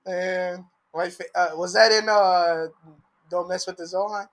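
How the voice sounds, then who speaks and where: A man's voice: sits high, steady tone, a little slow, fairly bright tone. A young man co-hosting a podcast, laid-back and laughing often at his own crude jokes. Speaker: podcast co-host. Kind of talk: casual chat.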